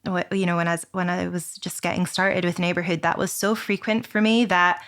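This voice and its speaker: A Scottish woman from Scotland, a podcast guest, speaking earnestly and thoughtfully in conversation, pausing to search for words. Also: on the low side, flat delivery, a bit bright. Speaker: guest, skate club founder.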